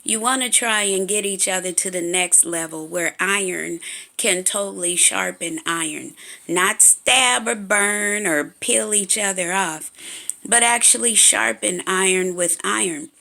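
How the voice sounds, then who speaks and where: A woman talks slowly through an agitated spiritual monologue, pausing and restarting often. Her voice is bright and a little tense, with a gravelly fry, and her tone stays earnest. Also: mid-range voice. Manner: halting, with many fillers and restarts.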